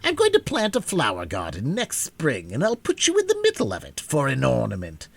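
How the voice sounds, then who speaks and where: A man's voice: mid-range voice, wildly swooping pitch, fairly quick, creaky, voice pushed up, full character voice. A man reading aloud and voicing a stern, cruel old witch who speaks severely and with cold cheer.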